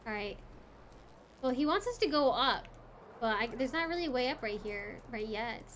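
A woman streaming live gameplay, excitable, gasping often and swearing in delight as she plays. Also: on the high side, normal speed, a little hiss or hum. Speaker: gaming streamer. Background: game music.

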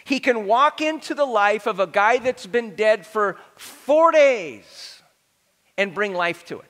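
A middle-aged male pastor preaching a sermon to his congregation, animated and joking, getting the crowd to respond. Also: high-pitched, slow pace. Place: large church hall. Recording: reverberant church hall.

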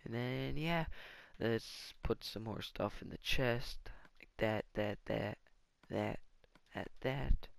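A man's voice: mid-range voice, slow pace, creaky, no room sound. A man giving casual let's-play commentary, rambling and thinking aloud as he plays. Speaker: gaming channel host.

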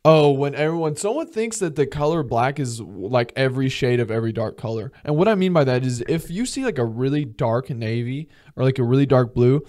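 A young man ranting on his podcast, worked up and exasperated, cursing freely. He keeps acting out little mock conversations between strangers. His pitch sits in an everyday middle range. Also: animated, brisk, few pauses, a little mellow. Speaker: podcast host. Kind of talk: comedic solo rant.

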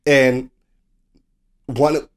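Male podcast co-host, lively storyteller who acts out quotes, mid-range voice. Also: mid-range voice, drawn-out words, clean tone. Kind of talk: casual sports podcast chat.

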